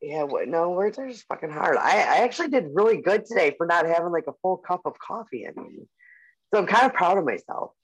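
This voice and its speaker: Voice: mid-range voice, very animated, a little fast, husky. A podcast co-host in their forties, chatting casually with lots of fillers and easy swearing. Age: 40s. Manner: rambling, full of "like" and "um", casual swearing. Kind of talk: casual chat. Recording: muffled lo-fi audio.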